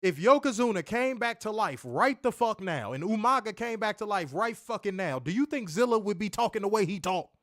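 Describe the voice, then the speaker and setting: A man's voice: high-pitched, animated, brisk, few pauses, fairly bright tone, no room sound, clean studio sound. A man reviewing a wrestling show in casual chat, ranting animatedly and swearing often.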